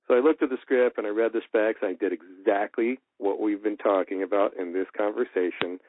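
Animated male voice actor on a tinny line. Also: lowish voice, brisk, noisy background. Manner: animated, acts out quoted dialogue. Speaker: voice actor guest. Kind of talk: casual storytelling in an interview. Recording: tinny phone-like line, dry.

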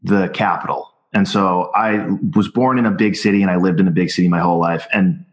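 A male podcast host from Minnesota, speaking in a lowish voice. He talks bluntly and candidly, with the occasional curse, in an easy conversational way. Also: steady tone, fairly quick, dull audio. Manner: blunt, candid, casually profane. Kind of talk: casual podcast chat.

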